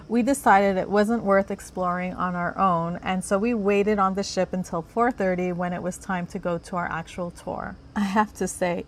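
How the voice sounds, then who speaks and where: A woman reads the voice-over for a travel vlog. Her delivery is calm and matter-of-fact, in a mid-pitched voice. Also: a little hiss or hum. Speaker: travel vlogger. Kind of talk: scripted voice-over narration.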